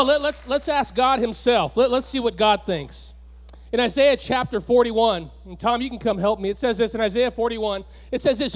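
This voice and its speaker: A pastor preaching a sermon with passion, repeating lines and building up to shouts. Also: male voice, very high-pitched, normal speed.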